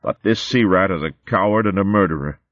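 A fierce female otter warrior with a blunt, rough way of speaking, as a male narrator puts her on. Her pitch is pushed up well above the reader's low voice. It comes through a narrow, phone-like band with no room echo. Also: brisk, close to an everyday voice. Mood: torn. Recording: phone-like dry audio.

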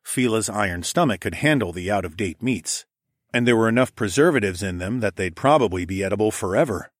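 A man narrating an audiobook in the first person, telling the story in a steady, even way. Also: fairly low pitch, a little fast, dry recording, clean studio sound.

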